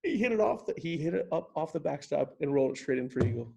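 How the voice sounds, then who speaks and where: A man guest on a casual podcast, telling a long animated golf story in a rambling way. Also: fairly high pitch, fast, vocal fry, slightly rough.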